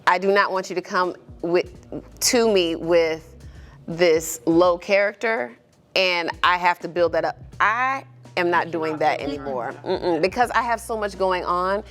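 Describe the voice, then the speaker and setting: A middle-aged woman talking on a casual talk show. Her voice sits on the low side. She speaks firmly and deliberately, pressing each point home. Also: fairly bright tone, soft background music. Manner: firm, emphatic, deliberate. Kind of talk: casual chat.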